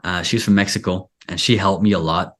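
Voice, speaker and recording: A man's voice: sits low, fairly even intonation, fast talker, fairly bright tone. A man hosting a casual interview, talking in a rambling way full of filler "like". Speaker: podcast host and Spanish teacher.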